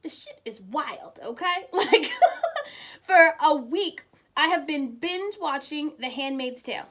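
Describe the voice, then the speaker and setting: A woman hosting a weekly live show, talking casually and inspirationally to her viewers, chatty and quick to laugh, greeting people by name. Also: high voice, expressive, a bit bright.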